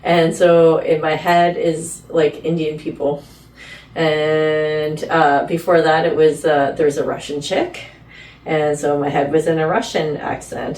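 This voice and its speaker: A woman's voice: fairly low pitch, dark tone. A woman from Canada, a vlogger chatting in a playful, rambling way while trying on clothes at home. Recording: roomy, distant, faint room noise.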